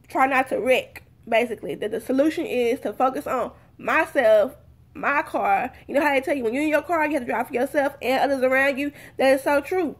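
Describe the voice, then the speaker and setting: A woman talking casually to her viewers and giving advice, earnest and repetitive, often calling them "you guys.". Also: high voice. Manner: acts out heated and calm exchanges. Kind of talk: casual talk to camera.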